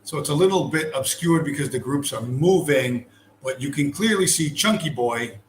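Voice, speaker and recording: With a slightly high voice, lively intonation, and normal speed, a man delivers blunt, sarcastic, profanity-heavy commentary on a video he's sharing on screen. The room is echoey with faint ambience, and there's slight background noise.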